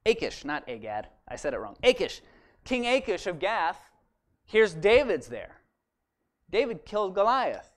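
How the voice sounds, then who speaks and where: Speaking to a church congregation, a high-voiced man recounts a Bible story in a casual storytelling sermon. He is chatty and animated, full of "like" and "right?", and sounds more like he's talking with friends than preaching, at a slightly slow pace.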